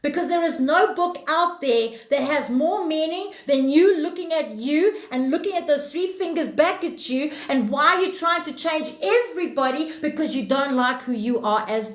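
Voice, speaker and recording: A woman's voice: sits high, reverberant. A woman hosting a self-help livestream, reading out viewers' comments and preaching bluntly, with plenty of swearing.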